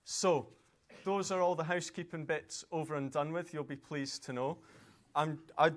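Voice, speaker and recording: A man's voice: on the high side, a bit bright. A man hosting a live event in a lecture hall, speaking politely and courteously as he introduces and interviews a guest.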